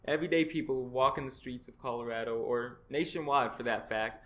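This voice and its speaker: A man's voice: medium pitch, brisk, fairly bright tone. Man host asking thoughtful questions. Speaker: interviewer, host. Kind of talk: conversational interview questions.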